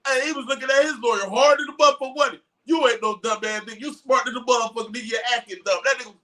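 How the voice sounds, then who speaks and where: A man rants in a loud, mocking way, swearing freely and shouting at times. His voice sits high and sounds bright and sharp. He is some way back from the mic. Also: fairly even intonation, rapid-fire, far from the mic. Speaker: commentary streamer. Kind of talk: casual trial commentary rant.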